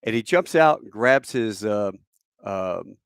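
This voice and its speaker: Low-voiced man telling a war story. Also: slow, clean tone, no room sound, studio quality. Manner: animated, many fillers, acts out quotes. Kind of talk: casual spoken storytelling.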